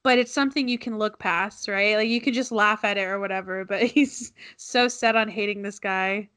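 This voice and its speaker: A woman's voice: medium pitch, fairly even intonation, moderate pace, a bit bright. A young woman co-hosting a podcast in casual chat, rambling with restarts and laughing often. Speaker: podcast co-host.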